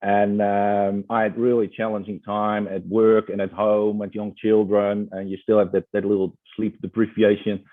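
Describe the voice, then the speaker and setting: Dutch guy, lowish voice, lots of uhs, sounds like a phone line, video call. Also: flat delivery, normal speed, hardly any pauses, no room sound. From Netherlands. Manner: hesitant, many fillers and restarts. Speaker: guest author. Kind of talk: casual interview chat.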